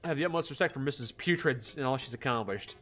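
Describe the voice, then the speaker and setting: A man's voice: mid-range voice, animated, fast, a bit bright, soft background music, voice pushed down, natural voice. A man voicing a mischievous, bossy female scientist who looks like a young girl, playing it for jokes in a let's play. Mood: mock-formal. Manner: playful, mock-bossy, jokey. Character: impish girl-looking old female scientist.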